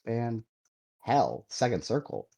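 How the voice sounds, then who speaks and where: A man's voice: medium pitch, sing-song, takes it slowly, gravelly, warm tone. A man playing a tabletop game who asks hesitant, puzzled questions. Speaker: player. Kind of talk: in-character tabletop play.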